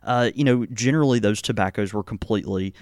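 An American man who runs a pipe tobacco shop hosts a casual podcast, rambling with plenty of fillers and restarts. He talks fast in a lowish, darkish voice with a clean tone. The studio-quality recording has no echo.

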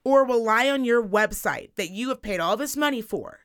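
A woman in her thirties co-hosting a casual podcast, telling a story in an animated, profane rant. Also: a little high, moderate pace. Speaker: podcast co-host. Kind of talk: casual chat.

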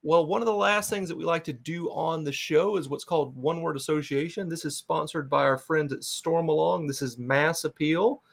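A man's voice: fairly high pitch, steady tone, moderate pace, gravelly, few pauses. Chatty North Carolina man hosting. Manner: chatty, laughs often, many fillers. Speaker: podcast host. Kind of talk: casual interview chat.

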